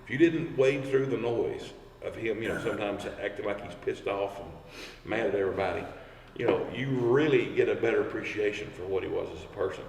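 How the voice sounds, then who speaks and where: A firefighter, telling stories in a casual chat and acting out the quotes with lively energy. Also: male voice, fairly low pitch, a little fast, few pauses. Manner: animated, acts out quotes. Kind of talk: casual storytelling. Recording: roomy, distant mic with background hum.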